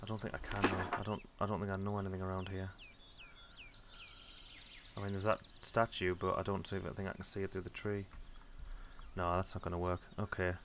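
Lowish man muttering game commentary. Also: completely flat delivery, a little fast, pauses often, a bit bright, slight background noise. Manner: chatty, muttering to himself, self-mocking. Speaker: let's play commentator. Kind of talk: casual gameplay commentary.

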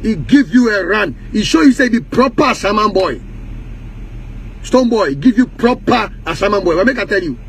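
A man with a strikingly high voice and a Ghanaian Pidgin English accent lets loose in a heated rant. He curses freely and hammers the same accusations again and again. A faint hum of noise sits under his voice. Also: expressive, moderate pace, poor audio. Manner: heated, profane, repetitive accusations. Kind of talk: angry rant.

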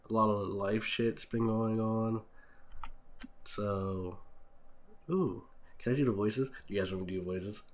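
A man's voice: fairly low pitch, background noise. A man hosting a casual let's-play, rambling with frequent stumbles and restarts. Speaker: gaming channel host. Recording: game music loud behind.

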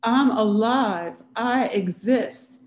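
A woman's voice: fairly high pitch, drawn-out words, roomy sound, a little hiss or hum, voice pushed up. A woman reading the lines of a drunk, bitter, half-paralyzed woman writer in a slurred, dismissive way. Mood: defiant.

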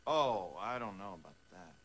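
A man's voice: low-pitched, expressive, moderate pace, a bit bright, breathy edge, full character voice. An actor playing a timid, put-upon male agent who talks hesitantly and earnestly. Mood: nervous.

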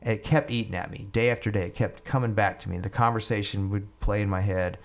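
A man's voice: fairly low pitch, fairly even intonation, a little fast, gravelly. A middle-aged man, a guest musician, telling stories casually and often repeating and restarting words. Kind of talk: casual storytelling.

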